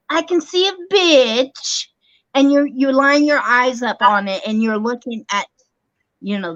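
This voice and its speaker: A high-voiced woman rants in unhurried, animated bursts, exasperated and emphatic. The sound is dull and lo-fi, like a live stream. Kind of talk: casual live-stream chat.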